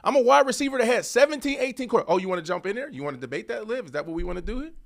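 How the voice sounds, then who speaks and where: This sports show co-host, a man in his thirties who once played wide receiver, argues his points with animated emphasis and repetition. He talks at a racing speed in a high-pitched voice with vocal fry.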